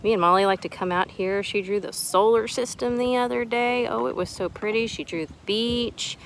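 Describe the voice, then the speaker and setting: A woman, teaching preschoolers a letter lesson outdoors in a sing-song, animated way. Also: fairly high pitch, moderate pace, rough recording. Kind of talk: children's lesson to camera. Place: outdoors in a yard with a lawnmower nearby. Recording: outdoor noise, lawnmower behind.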